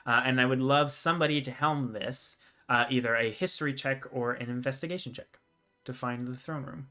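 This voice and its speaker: A man running a tabletop fantasy game as game master, narrating casually and haltingly with many fillers. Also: mid-range voice, fairly even intonation, bright, forceful tone, soft background music.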